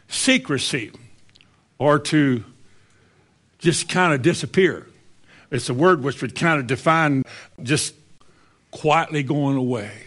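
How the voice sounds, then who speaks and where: A man's voice: on the high side, a bit bright. A man preaching a sermon as a pastor, telling the story in a folksy, conversational way.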